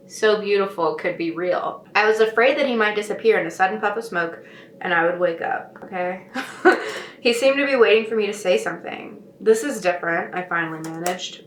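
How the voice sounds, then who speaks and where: A woman writer reading a novel aloud and breaking in with sarcastic, snarky commentary in casual talk. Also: medium pitch. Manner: sarcastic, snarky asides between read passages. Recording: echoey room with faint noise.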